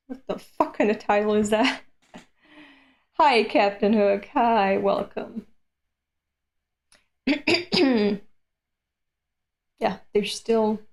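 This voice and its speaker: A woman from Europe streaming a manga read-along, reacting aloud with animated, profane rants. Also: on the high side. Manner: animated, swears freely, rants at the page.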